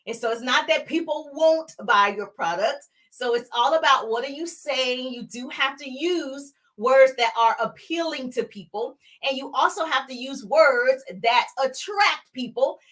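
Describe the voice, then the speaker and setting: Woman, Southern accent, high voice, bubbly sing-song livestream host, business coaching. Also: a little slow, hardly any pauses, a bit bright. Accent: Southern US, Georgia. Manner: upbeat, sing-song greetings to viewers. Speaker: business coach hosting a live Q&A. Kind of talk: live-stream chat and teaching.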